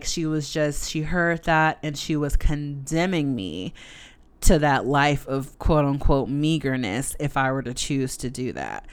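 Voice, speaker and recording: A woman's voice: sits low, clear, resonant tone. A young adult woman hosting her own podcast, telling a personal story in a chatty, candid way with frequent asides. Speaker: podcast host. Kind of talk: casual solo podcast storytelling.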